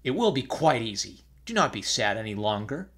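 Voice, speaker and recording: A man voicing a confident young male fairy hero who calmly reassures a frightened couple. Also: medium pitch, normal speed. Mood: reassuring.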